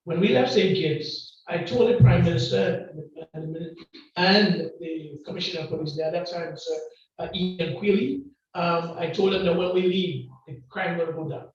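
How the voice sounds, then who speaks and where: A man with a Grenadian accent preaching a lively sermon and joking back and forth with the congregation. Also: on the high side, moderate pace. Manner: loud, call-and-response, joking with the congregation. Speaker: guest preacher. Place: church hall. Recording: distant, echoey and muffled hall recording.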